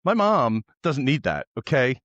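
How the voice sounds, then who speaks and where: A man co-hosting a casual podcast, expressive and quick to laugh, acting out what others said. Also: mid-range voice, no room sound, muffled recording. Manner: expressive, laughs often, acts out quotes. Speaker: podcast co-host.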